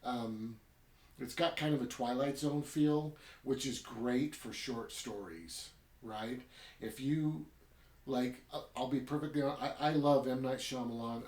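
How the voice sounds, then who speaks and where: A man's voice: medium pitch, a little mellow. A man hosting a podcast, casually retelling a short story and then reviewing it in a rambling way, often tacking on "right?". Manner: chatty, rambling, keeps adding "right?". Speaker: podcast host. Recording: roomy echo.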